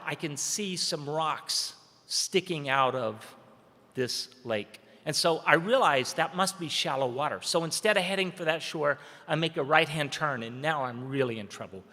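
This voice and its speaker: A man with a fairly high, very bright and forceful voice tells a personal story from a stage. He moves between urgent, loud stretches and hushed, slow ones. The sound has a long hall reverb behind it. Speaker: speaker at a training event. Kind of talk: dramatic personal storytelling speech.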